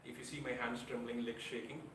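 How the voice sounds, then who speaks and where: A man's voice: mid-range voice, little pitch movement, fast, background noise. A man giving an evaluation speech at a club meeting, earnest and frank with light self-deprecating humor. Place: air-conditioned meeting room. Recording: roomy, distant, with faint room ambience.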